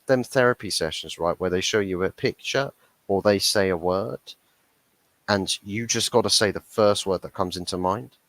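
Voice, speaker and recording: A young man with a lowish voice rants through a football match reaction, swearing and mocking the referee. His voice sounds dry and close, with no room around it. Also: fairly bright tone, dry recording, poor audio. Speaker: football fan channel host. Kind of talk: heated match reaction stream.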